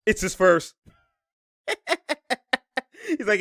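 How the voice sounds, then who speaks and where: A man giving a casual, slangy breakdown of basketball game film, animated and laughing often as he mimics the players' reactions. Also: on the high side, takes it slowly, pauses often, smooth, no echo, clean studio sound. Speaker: basketball analyst and channel host.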